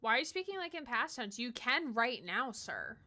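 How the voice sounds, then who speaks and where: A woman's voice: on the high side, very animated, normal speed, sharp tone. A woman streaming a game, chatting in a playful, giggly way with her viewers. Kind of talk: casual live-stream commentary.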